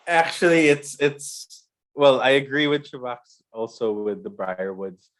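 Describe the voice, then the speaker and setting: A man's voice: medium pitch, expressive, slow, fairly bright tone. A man co-hosting a podcast, talking earnestly in casual chat about a show he likes. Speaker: podcast co-host. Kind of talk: casual chat reviewing shows.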